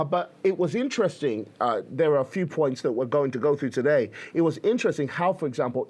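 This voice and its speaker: A man's voice: fairly high pitch, a little mellow. A man hosting a podcast, talking in a loose, chatty way with many fillers and restarts. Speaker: podcast host. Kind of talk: casual commentary.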